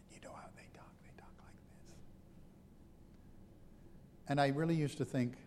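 A man's voice: medium pitch, long reverb tail, a little hiss or hum. A man preaching a sermon in a conversational, self-deprecating storytelling manner.

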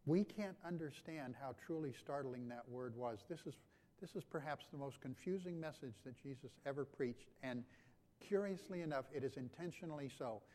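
A man preaching a sermon as pastor, dropping to quiet lines and then rising to loud, emphatic ones, often repeating his phrases. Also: mid-range voice, normal speed.

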